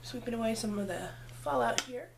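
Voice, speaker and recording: With a noisy background behind her, a slightly high, brisk, creaky-voiced woman chats playfully through a makeup tutorial. The vlogger talks to herself as she works, keeping it casual.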